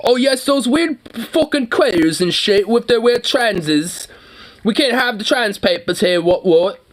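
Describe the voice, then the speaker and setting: A man voicing a snooty, bigoted British man as a mocking caricature, in a high, drawn-out posh tone. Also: lively intonation.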